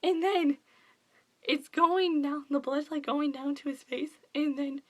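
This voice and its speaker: A young woman in a casual book review vlog, gushing and excitable, rambling with lots of fillers. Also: sits high, takes it slowly. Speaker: book vlogger.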